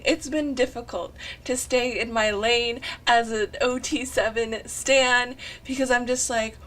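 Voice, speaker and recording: A young woman talking over her drawing video, gushing and rambling excitedly with sighs and lots of "like". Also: on the high side, measured pace, few pauses. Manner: rambling and breathless, often saying "like". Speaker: artist narrating a drawing video. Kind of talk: casual chat voice-over.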